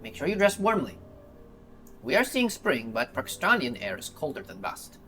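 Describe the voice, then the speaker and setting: A man lends his voice to a tender, devout mother whose words come out formal and gentle. The voice sits a little higher and rings bright. Her care for her son carries through each careful line. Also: big pitch swings, moderate pace, faint music behind. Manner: tender, formal letter-reading.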